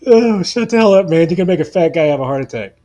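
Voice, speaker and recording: A man's voice: fairly high pitch, lively intonation, fast talker, warm tone, soft background music. An American man co-hosting a casual podcast, joking around, laughing easily and swearing casually. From United States. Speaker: podcast co-host.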